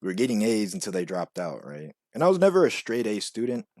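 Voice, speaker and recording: A young man telling a rambling personal story, full of "like" and "you know", now and then acting out quoted voices much higher. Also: big pitch swings, a little fast, darkish tone, no echo, studio quality. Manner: rambling, filler-heavy with frequent "like" and "you know". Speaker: vlogger. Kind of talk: casual storytelling monologue.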